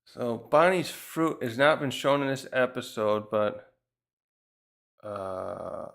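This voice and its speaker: A man's voice: mid-range voice, expressive, slow pace, gravelly, fairly bright tone. A man casually reviewing a manga chapter, thinking aloud with frequent restarts and fillers. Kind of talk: casual rambling commentary.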